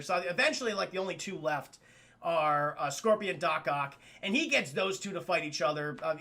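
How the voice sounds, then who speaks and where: A man's voice: sits high, creaky, bright, forceful tone. A young man casually recapping a cartoon episode for his stream chat, swearing and laughing as he retells scenes. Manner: loose, laughing, profane retelling with quick voiced quotes.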